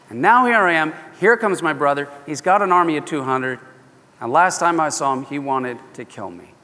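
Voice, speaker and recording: A man preaching a sermon, telling a scripture story in an animated, folksy way that often breaks off mid-phrase. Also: fairly high pitch, moderate pace. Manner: animated, folksy, self-interrupting. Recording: long echo of a large hall.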